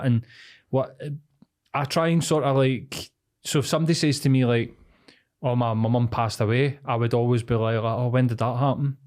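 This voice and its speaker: A man's voice: medium pitch, darkish tone. A man, a podcast host, musing in rambling casual chat full of filler words.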